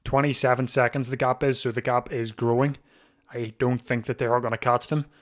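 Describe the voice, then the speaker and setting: Man, mid-pitched voice, casual watch-along commentary, sleepy, chatty, restarts sentences. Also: little pitch movement. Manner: chatty, thinks aloud with restarts, quick to laugh. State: sleepy, keeps yawning. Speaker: live stream host.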